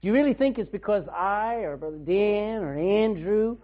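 A man preaching to his congregation in a homespun, folksy way, now rising to a loud burst, now dropping low. His voice sits a little high for a man. The sound is thin and boxy, like it came through a phone. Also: expressive, moderate pace. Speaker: pastor. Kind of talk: sermon. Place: church. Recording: tinny, phone-like band.

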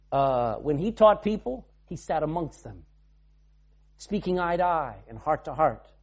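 A man preaching a sermon, swinging from loud to hushed and reading scripture in old-fashioned wording. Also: a little high.

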